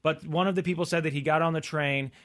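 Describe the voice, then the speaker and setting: Fast-talking man telling a story. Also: on the high side. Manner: storytelling, quotes others in lively voices. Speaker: podcast co-host. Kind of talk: casual chat.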